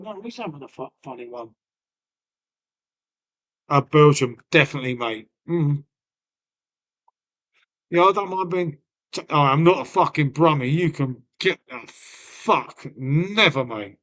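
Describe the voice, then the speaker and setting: A man's voice: fairly high pitch, animated, unhurried, long pauses, fairly bright tone. A man with a Lincolnshire accent chatting casually on his live stream, bantering with viewers, swearing freely and calling everyone mate. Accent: Lincolnshire English. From Lincolnshire, England. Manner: folksy, peppered with "mate" and "innit".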